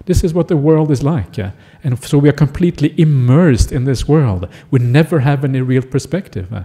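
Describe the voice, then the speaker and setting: Mellow-voiced man giving a dharma talk. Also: medium pitch, animated, moderate pace, slightly rough. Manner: chatty, asks listeners "yeah?" often. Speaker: Buddhist monk teacher. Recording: echoey hall.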